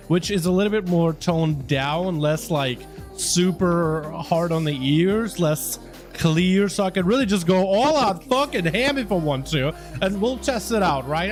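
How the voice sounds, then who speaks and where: Chatting with viewers on his gaming livestream, a young man keeps things loose and swears plenty. He speaks unhurriedly, his high-sitting voice carrying lively intonation, while faint music plays behind.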